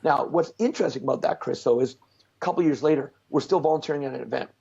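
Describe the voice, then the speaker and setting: A man being interviewed as a success coach, telling stories in an animated, blunt way with mild swearing. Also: medium pitch, fast talker, creaky, slightly rough, highs cut off. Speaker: guest speaker, success coach. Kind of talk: storytelling in a conversational interview.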